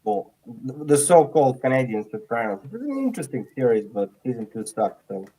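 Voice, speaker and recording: A man hosting a podcast, chatting casually in a halting way with fillers. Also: mid-range voice, sing-song, dark tone, husky, poor audio. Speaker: podcast host. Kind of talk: casual chat.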